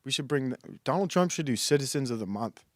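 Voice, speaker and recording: A man's voice: mid-range voice, animated, quick pace, no room sound, studio quality. A man hosting a stream, delivering a rambling, mocking comedic monologue as he reacts to videos and laughs at his own jokes. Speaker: streamer host.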